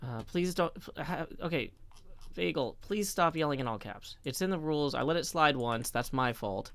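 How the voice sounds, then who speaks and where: A man's voice: a little high, animated, moderate pace, gravelly, a bit bright, no room sound. A man streaming live, chatting casually and reading messages aloud with wry asides. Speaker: livestreamer. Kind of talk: casual livestream chat.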